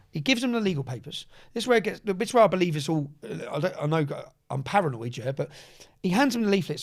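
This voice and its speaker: A man, a podcast guest telling a long story in a casual, animated way, often checking in with "yeah?" and "bruv". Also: fairly high pitch. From England.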